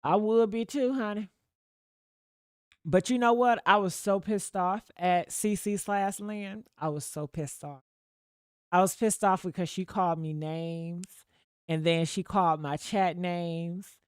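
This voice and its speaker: A woman hosting a livestream, chatting casually with her viewers in a profane, gossipy way with sudden loud outbursts. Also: lowish voice, steady tone, measured pace, clean tone, no room sound, clean studio sound. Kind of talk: casual gossip commentary to a live chat.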